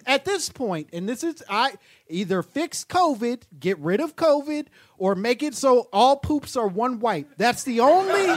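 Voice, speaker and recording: A high-voiced comic guest ranting in exasperated, profane bursts. Faint noise sits behind his voice. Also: a bit bright. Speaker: podcast guest. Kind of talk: casual comedic chat.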